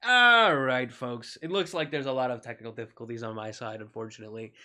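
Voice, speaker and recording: Male gaming streamer, bright voice, loose joking tangents. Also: mid-range voice, a little fast. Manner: rambling, joking, full of tangents. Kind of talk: casual gaming stream commentary.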